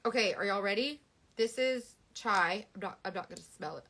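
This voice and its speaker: A woman in her thirties chats casually and dramatically, her voice bright and forceful. She talks with big swings of feeling. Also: mid-range voice, a little fast. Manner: animated, dramatic, Southern US sayings. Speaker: beauty seller on a live stream. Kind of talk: casual chat.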